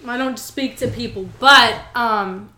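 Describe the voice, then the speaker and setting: A woman guest in a casual podcast chat, chatty and quick to laugh out loud. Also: fairly high pitch, roomy sound, crowd noise.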